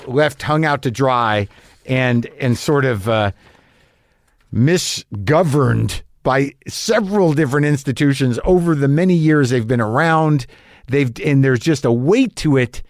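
A man's voice: a little high, no echo, clean studio sound. A man musing in a rambling casual monologue, often restarting his sentences and swearing now and then. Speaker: comedian.

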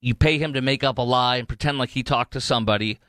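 A man's voice: mid-range voice, fast talker, fairly bright tone, no room sound. A man hosting a political talk show, delivering a heated, rambling monologue full of restarts and fillers. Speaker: talk radio host.

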